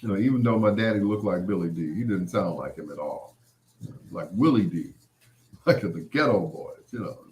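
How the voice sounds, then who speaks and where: A middle-aged man, hosting a show and telling stories in an animated way, laughing often and full of "you know" asides. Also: deep voice, moderate pace. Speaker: podcast host. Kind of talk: storytelling monologue.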